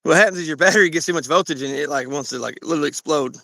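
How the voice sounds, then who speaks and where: A garage channel host with a high, gravelly voice and a Southern Kentucky drawl gives viewers a casual walkthrough of his garage. He speaks rapid-fire with a sharp tone, rambling loosely and full of swearing and jokes. The sound is dry and close, with no echo.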